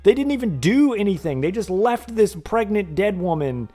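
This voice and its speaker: A man with a high voice streams a retro game, casually retelling a TV episode at a moderate pace. His storytelling is animated and profane, with lots of swearing and frequent laughter.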